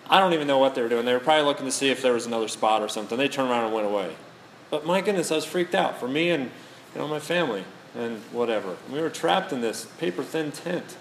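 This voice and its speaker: A man's voice: medium pitch, animated, fast talker. A middle-aged male pastor giving a sermon, telling stories with self-mocking humor and quoting scripture.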